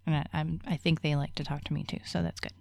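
A woman's voice: low-pitched, little pitch movement, quick pace, creaky, noisy background. A woman co-hosting a podcast in casual chat, goofy and affectionate, swearing freely. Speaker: podcast co-host.

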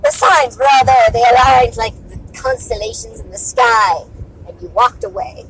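A woman's voice: on the high side, normal speed, a little hiss or hum, poor audio. A woman in casual chat, teasing and playful, with theatrical asides.

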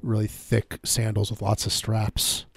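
A man co-hosting a radio show, chatting casually with dry humor and lots of halting restarts. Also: on the low side, completely flat delivery, vocal fry. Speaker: co-host. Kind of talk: casual comedic radio chat.

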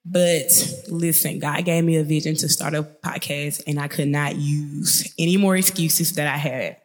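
A young woman in her twenties with a thick Mississippi Southern drawl, talking to her podcast listeners in a chatty, upbeat way. Her voice sits fairly low and rings out with a long reverb tail. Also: unhurried. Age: 20s. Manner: chatty, upbeat, speeds up when excited. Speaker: podcast host. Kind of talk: casual podcast monologue.

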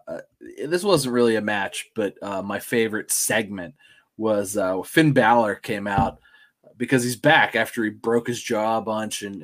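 A man co-hosting a podcast, talking in a rambling, excitable way with lots of fillers and restarts. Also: lowish voice. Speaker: podcast co-host. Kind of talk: casual chat.

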